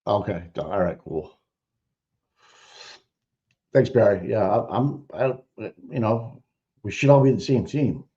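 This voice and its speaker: A man's voice: on the low side, takes it slowly, pauses often, dark tone. A man hosting a livestream, talking in a blunt, rambling way with a lot of swearing. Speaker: livestream host. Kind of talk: casual profane livestream commentary. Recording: dull lo-fi audio.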